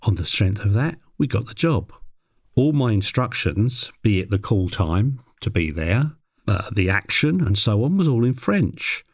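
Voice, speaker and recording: A man's voice: sing-song, unhurried, dry recording. Dry-voiced man telling a wry anecdote. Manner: mimics a parrot in a high voice. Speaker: animal handler telling a story. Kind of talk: personal anecdote narration.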